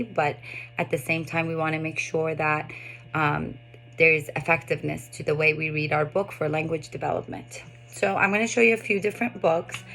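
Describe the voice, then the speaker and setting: Woman in her thirties, speech therapist, lowish gravelly voice, calm explaining tone. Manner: calm explanatory talk with bursts of lively read-aloud demonstration. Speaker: speech pathologist. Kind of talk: explaining tips to parents and therapists.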